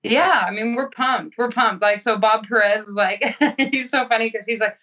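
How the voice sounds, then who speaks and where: Woman fighter, cocky and profane, bright voice, distant lo-fi audio. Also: fairly high pitch, steady tone, normal speed. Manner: blunt, profane, self-assured. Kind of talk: interview answers.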